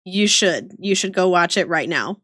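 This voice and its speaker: A woman's voice: fairly low pitch, animated, normal speed, husky, no echo, studio quality. A woman streamer chatting casually and giggling with her viewers while she draws. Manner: giggly, bubbly, greets chat warmly.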